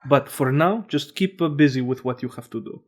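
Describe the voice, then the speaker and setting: A man's voice: medium pitch, fairly quick, lightly acted. A man doing a jovial immigrant restaurateur. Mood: kindly. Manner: broken English, effusive, salesman.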